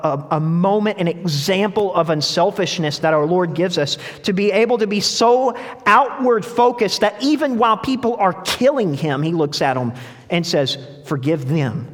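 High-voiced young pastor in a reverberant church. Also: male voice. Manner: conversational, storytelling, frequent restarts. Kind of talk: sermon. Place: church sanctuary. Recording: long hall reverb.

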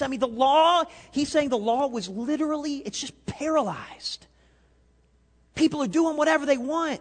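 A male pastor preaching a sermon, animated, swinging between loud and quiet and asking the congregation questions. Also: very high-pitched, normal speed. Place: church sanctuary. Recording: long hall reverb.

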